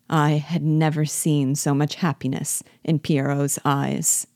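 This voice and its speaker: A woman reading a classic novel aloud in a steady storytelling manner. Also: sits low, slow pace, hardly any pauses, no echo, clean studio sound. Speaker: audiobook reader. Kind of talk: measured literary reading.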